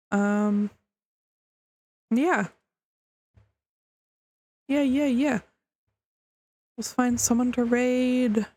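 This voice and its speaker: A woman's voice: medium pitch, dry recording. A woman streamer wrapping up a stream in casual chat, rambling with lots of fillers and the odd curse, hiccuping.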